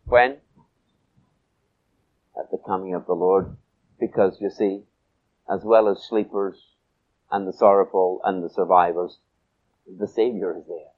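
A man preaching a sermon, swinging from loud emphatic peaks to soft low asides and stretching key phrases. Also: fairly even intonation, unhurried, pauses often, narrow, tinny audio.

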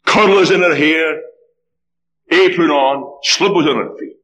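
A man preaching a sermon, telling a story with dramatic, animated delivery. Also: a little high, a little slow.

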